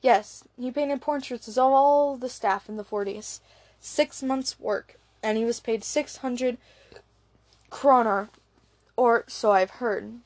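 A hoarse, discontented older male forensic chief speaks in dry, clipped remarks, read by a woman narrator. The voice sits fairly high, and the recording is close with no room sound. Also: no echo.

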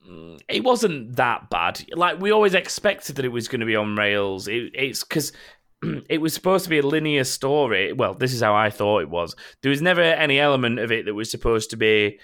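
A man's voice: mid-range voice, fairly bright tone. A man hosting a casual gaming podcast, rambling and joking, swearing now and then. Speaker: podcast host.

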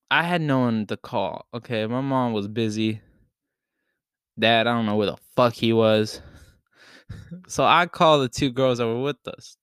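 A young man telling a story in casual chat, profane and animated, shouting when he retells what was said. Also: medium pitch, normal speed, clear, resonant tone, no room sound, studio quality.

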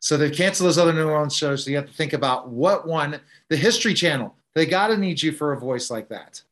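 A man's voice: a little high, expressive, fast, a bit bright. A man hosts a podcast interview in a casual, conversational way. He asks rambling follow-up questions and urges his guest on. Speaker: podcast host.

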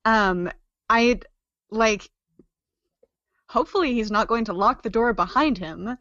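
A woman chats loosely through her turn in a tabletop game, trailing into fillers. Her voice is bright and a touch high, heard through dull, muffled audio. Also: a little slow, dry recording. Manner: casual, rambling with fillers. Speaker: player. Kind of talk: casual tabletop role-play.

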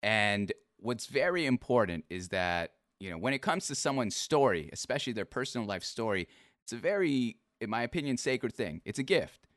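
A man's voice: medium pitch, big pitch swings, moderate pace, fairly bright tone, no echo, clean studio sound. A young man hosting a live-streamed interview show, teasing his guest with laughs before turning earnest. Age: young adult. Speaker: podcast host. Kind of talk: casual livestream interview.

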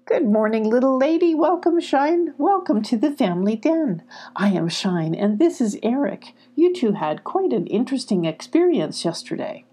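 A woman voicing Shine, a calm, soothing, motherly magical dog in a storybook. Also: on the high side, normal speed, breathy edge, pitched above the performer's own voice.

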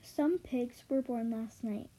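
A practical, firm farm mother speaks slowly, read aloud by a woman in her own breathy voice. The tone is mellow and unhurried, with small stumbles. It is storybook reading. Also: on the high side. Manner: plain, halting read-aloud delivery.

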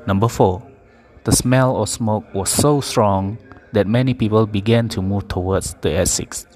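Slow, careful man reading drill words. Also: fairly low pitch, darkish tone. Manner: careful, deliberate word-by-word reading. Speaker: pronunciation practice reader. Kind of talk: slow read-aloud pronunciation drill.

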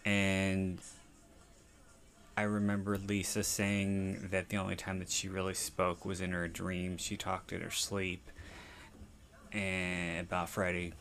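Slow gravelly male podcast host. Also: low-pitched, completely flat delivery, fairly bright tone, slight background noise. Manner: rambling, profane, unhurried. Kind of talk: casual episode review.

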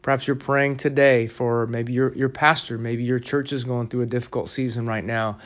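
A man's voice: mid-range voice, steady tone, moderate pace, fairly bright tone, lo-fi sound. A man hosting a devotional podcast, speaking earnestly and pastorally to listeners he calls friends, reflecting on a message and praying. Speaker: podcast host.

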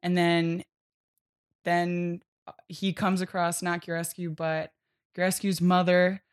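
A woman's voice: on the low side, little pitch movement, takes it slowly, clear, resonant tone, no echo, clean studio sound. A woman co-hosting a podcast, recapping a comic in a rambling, casual way, with many fillers and easy laughter. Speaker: podcast co-host.

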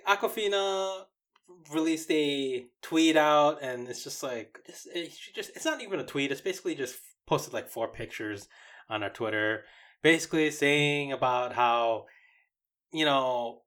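Animated man on a casual podcast. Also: on the high side, unhurried. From United States. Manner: animated, stumbling restarts, mocking quoted voices. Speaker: podcast co-host. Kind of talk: casual chat.

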